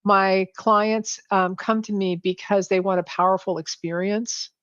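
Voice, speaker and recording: Woman guest, animated coach who restarts her sentences a lot, heard dry and lo-fi over a call. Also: medium pitch, a little slow, clear, resonant tone, no echo. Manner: animated, many restarts and self-corrections. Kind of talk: conversational interview. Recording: dull lo-fi sound, dry.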